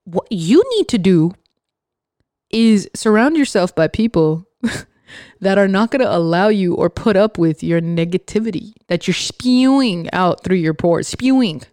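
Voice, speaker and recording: A woman's voice: lowish voice, lively intonation, a little slow, a little mellow, no room sound, clean studio sound. A young woman hosting a podcast, giving a blunt, profane motivational rant and mocking doubters. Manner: sarcastic, mocks others in put-on voices; profane and emphatic. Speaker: podcast host.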